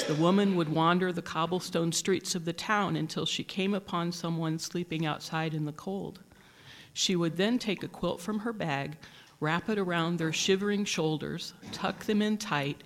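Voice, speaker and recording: Gentle picture-book reader. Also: mid-range voice. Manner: gentle, measured storytelling. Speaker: teacher reading aloud. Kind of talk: picture book read-aloud.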